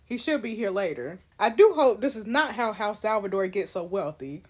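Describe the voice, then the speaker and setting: A woman voicing a steady, formal adult male king in a story game, reading his lines in a measured way. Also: mid-range voice, lightly acted. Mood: calm, formal.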